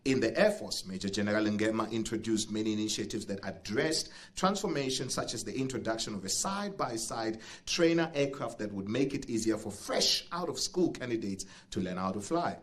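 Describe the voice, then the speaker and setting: A man's voice: lowish voice, animated, brisk, hardly any pauses. A man with a South African accent emceeing an event, joking with the audience and laughing often. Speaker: master of ceremonies. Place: event venue.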